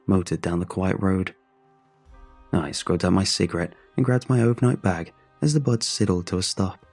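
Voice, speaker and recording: A man narrating a scripted horror story in a measured, brooding way, with drawn-out pauses. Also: on the low side, dark tone, husky, no room sound. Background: faint music.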